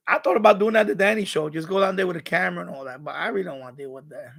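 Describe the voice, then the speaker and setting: A man rants through a casual live stream in a high, gravelly voice. He rambles and repeats himself in streetwise slang. He slips into other people's lines as he retells what they said. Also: a bit bright. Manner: acts out quoted exchanges. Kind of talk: casual ranting commentary.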